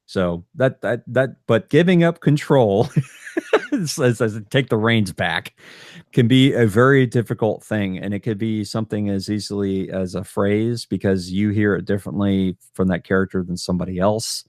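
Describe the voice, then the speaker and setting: A man with a fairly low voice co-hosts a casual podcast. He talks bluntly and rambles, tripping over his own restarts. His voice sits close and dry on a studio podcast mic. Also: moderate pace, a little mellow, dry recording. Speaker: podcast co-host.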